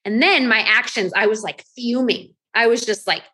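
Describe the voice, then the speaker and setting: A woman in her thirties coaching a group, telling lively stories and acting out her own thoughts. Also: on the high side, moderate pace, slightly rough. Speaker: life coach.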